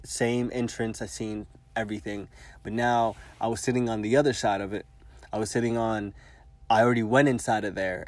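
Young man, casual storytelling, low voice, dry close sound, rambling, swears a lot, lots of filler words. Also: a little mellow, no room sound. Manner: rambling, profane, heavy use of filler words. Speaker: vlogger.

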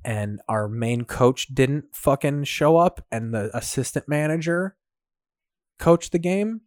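A man's voice: medium pitch, animated, takes it slowly, dry recording, clean studio sound. A young adult man chatting casually, swearing freely and saying "dude" often. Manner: profane, laughing, uses "dude" a lot. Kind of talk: casual chat.

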